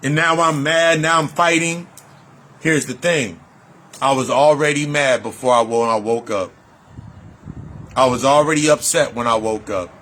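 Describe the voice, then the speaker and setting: A man's voice: on the high side, a bit bright. A man talking as a life coach in a motivational monologue, blunt and preachy, repeating his points and swearing freely. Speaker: life coach and shadow-work healer.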